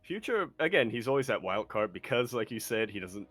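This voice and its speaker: Man, podcast co-host, bright tense voice, animated, jokey, faint music underneath. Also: on the low side, a little fast, no echo. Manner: animated, jokey, slips into mock accents. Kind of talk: casual esports chat.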